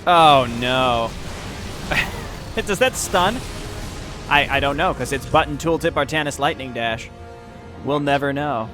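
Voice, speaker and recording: A man's voice: a little high, normal speed, music in the background. A man hosting a let's play, chatting and thinking aloud through casual gameplay commentary.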